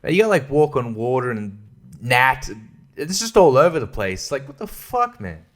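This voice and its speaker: A man's voice: mid-range voice, sing-song, moderate pace. A man giving a casual, sweary, sarcastic album review, often laughing at his own jokes. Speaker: music reviewer.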